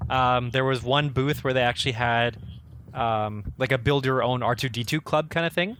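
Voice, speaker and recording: A man's voice: medium pitch, moderate pace, slight background noise. A Canadian man co-hosting a podcast, chatting casually, with sentences that rise at the end. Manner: relaxed, rising ends of sentences. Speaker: podcast co-host. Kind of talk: casual chat.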